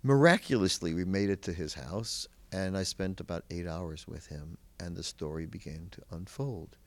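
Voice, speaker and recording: A man, a conductor, telling a story in an animated way and acting out the voices of the people in it. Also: sits low, normal speed. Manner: acts out quoted voices, chuckles, shifts loudness for effect.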